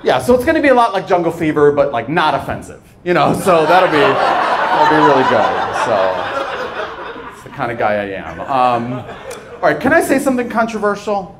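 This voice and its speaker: A man doing a live stand-up comedy set on a club stage, with a playful, animated delivery and pauses for laughs. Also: on the high side, a crowd in the background. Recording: noisy live club recording.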